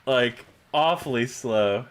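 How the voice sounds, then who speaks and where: A man streaming a horror game, chatting about his moves, laughing often and breaking into shouts when things go wrong. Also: medium pitch, slow pace, a little hiss or hum. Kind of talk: live gameplay commentary.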